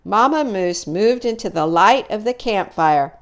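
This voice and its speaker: A woman reading a children's storybook aloud, expressive and unhurried. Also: mid-range voice. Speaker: storybook reader.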